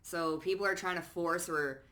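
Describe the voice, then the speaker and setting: A woman doing a casual spoken card reading, blunt and sassy, swearing freely and calling the listener honey and baby, jumping from low asides to loud outbursts. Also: steady tone, moderate pace. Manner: blunt, sassy, peppered with swearing and pet names; emphatic, swings between low asides and loud bursts. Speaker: psychic card reader.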